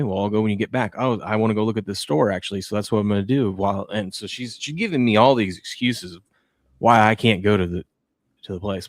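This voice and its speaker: A man in his thirties hosting a casual talk show, telling animated stories about his kids. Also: on the low side, dry recording, studio quality. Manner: animated storyteller, acts out a toddler's shrieks. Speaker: podcast host. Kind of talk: casual chat.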